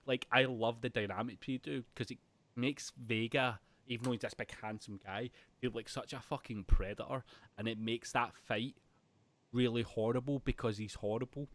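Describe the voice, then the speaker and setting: A man's voice: mid-range voice, fairly even intonation, normal speed, a bit bright. A man co-hosting a casual film podcast, swearing freely and laughing hard as he retells scenes. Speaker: podcast co-host.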